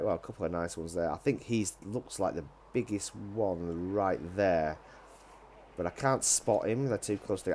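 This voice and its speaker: A man's voice: lowish voice, darkish tone, slight background noise. A man casually commenting on his hunting game play, rambling and hesitant with many ums. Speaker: gaming channel host.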